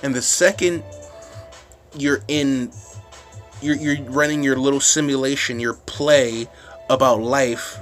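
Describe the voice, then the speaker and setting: A man's voice: medium pitch, steady tone, slow, pauses often, faint music behind. A man ranting casually to his phone camera, rambling with frequent restarts and swearing, getting fired up at times. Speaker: vlogger.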